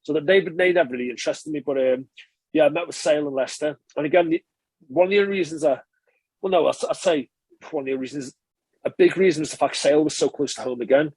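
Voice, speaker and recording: A fast, chatty man in his thirties tells stories from his rugby days, his voice slightly husky and pitched a touch high for a man. He wanders through memories with fillers and restarts, sounding close to the mic in a dry, dead room. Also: a little mellow, dry recording. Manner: chatty, rambling recollection, frequent filler and self-correction. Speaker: former professional rugby player, podcast guest. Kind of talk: relaxed interview storytelling.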